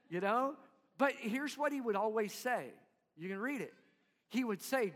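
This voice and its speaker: High-voiced man preaching in a reverberant hall. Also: slow pace, pauses often. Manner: animated, acts out crowd voices, drops to quiet low tones. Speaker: pastor. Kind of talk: sermon.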